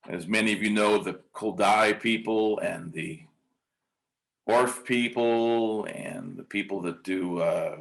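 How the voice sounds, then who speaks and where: A male music teacher demonstrates rhythm syllables at a slow, deliberate pace. His voice sits a little low. He chants patterns and counts beats, pausing often on ums and uhs. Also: vocal fry, a bit bright. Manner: hesitant, many ums and uhs. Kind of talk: conference workshop demonstration.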